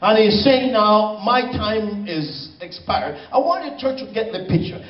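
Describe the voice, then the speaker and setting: Slow dramatic preacher in an echoey church. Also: male voice, high voice, animated. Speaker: pastor. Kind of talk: sermon. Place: church sanctuary. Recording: echoey, dull church recording from far off.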